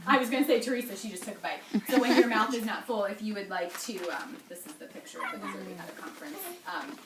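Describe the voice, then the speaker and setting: A woman's voice: medium pitch, expressive, quick pace. A woman leading a product tasting meeting, talking casually with many ums in a friendly way. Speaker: meeting leader. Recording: echoey, distant, noisy room.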